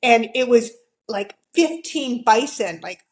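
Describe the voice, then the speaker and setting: A woman's voice: a little high, lively intonation, slow, low-quality recording. A middle-aged woman, a podcast guest, telling a story in a chatty way, full of fillers and acted-out quotes. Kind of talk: casual storytelling.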